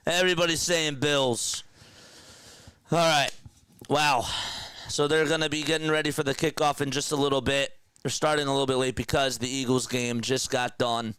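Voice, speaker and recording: Excitable man on a live sports stream. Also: medium pitch, moderate pace, pauses often, clean tone, dry recording, studio quality. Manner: excited, rambling, emotional fan talk. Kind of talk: casual live-stream chat.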